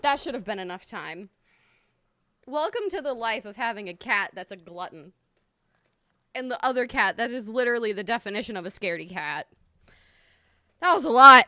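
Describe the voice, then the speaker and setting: A woman's voice: fairly high pitch, bright, forceful tone, no room sound, studio quality. A woman streamer fussing over her two cats, then greeting her chat in a casual livestream.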